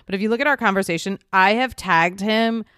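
A young woman co-hosting a podcast, telling a story in animated casual chat. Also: medium pitch, a little fast, clear, resonant tone, no room sound, studio quality. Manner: animated storyteller, breaks into squealing excitement. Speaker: podcast co-host.

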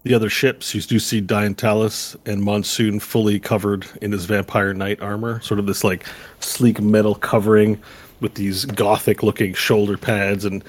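A man's voice: fairly low pitch, flat delivery, moderate pace. A man running a tabletop game as game master, narrating loosely with fillers. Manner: rambling with fillers and laughs.

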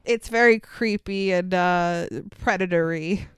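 A woman's voice: fairly low pitch, measured pace, smooth, no room sound. A woman co-hosting a movie review podcast, casual and sarcastic, swearing and laughing often. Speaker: podcast co-host.

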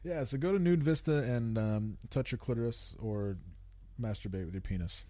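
A man's voice: mid-range voice, moderate pace, mellow. Rambling, profane man hosting a podcast. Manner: rambling, profane, laughs often. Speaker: podcast host. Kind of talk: crude comedic podcast banter.

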